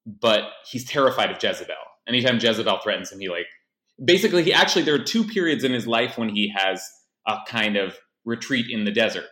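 A man's voice: mid-range voice, fairly bright tone. Rambling man in an echoey room. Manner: rambling, hesitant, frequent fillers. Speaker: podcast co-host. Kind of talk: casual chat.

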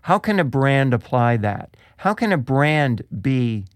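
A man's voice: mid-range voice, sing-song, measured pace, dry recording, studio quality. A man co-hosting a discussion, asking probing questions and laughing easily. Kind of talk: conversational discussion.

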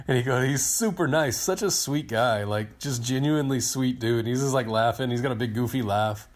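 A man in his thirties on a podcast, telling a long story in a casual, excited, rambling way and acting out what people said. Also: medium pitch, normal speed. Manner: excited, rambling storyteller who acts out quotes. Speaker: podcast co-host, team digital director.

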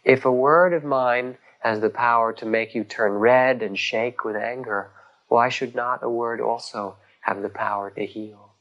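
A man voicing a Sufi master healer who speaks bluntly and calmly. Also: mid-range voice, a little slow, lo-fi sound. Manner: blunt, then calmly reasoning.

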